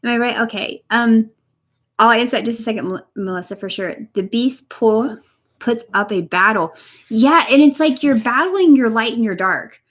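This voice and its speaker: Soft-spoken woman giving an energy reading. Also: a little high, normal speed. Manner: soft, encouraging, answers viewers by name. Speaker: energy reader. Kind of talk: live-stream spiritual reading. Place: home room next to her computer.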